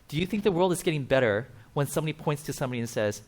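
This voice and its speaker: A man's voice: fairly high pitch, animated, very fast, darkish tone. A man preaching a casual, conversational sermon at a church, explaining with asides and acting out quotes. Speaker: pastor.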